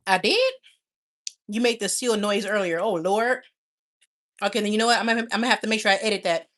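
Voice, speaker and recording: A woman's voice: medium pitch, lively intonation, a little fast, fairly bright tone. A woman hosting a casual livestream, chatting affectionately with viewers and laughing often. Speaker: livestream host.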